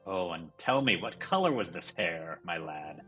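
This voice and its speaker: A man's voice: low voice, lively intonation, normal speed, pushed and bright, soft background music. A man voicing an adult male showman who talks down to a boy in a patronizing, coaxing way. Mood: condescending. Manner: patronizing, calls others "my lad". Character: smooth-talking adult male showman fighter.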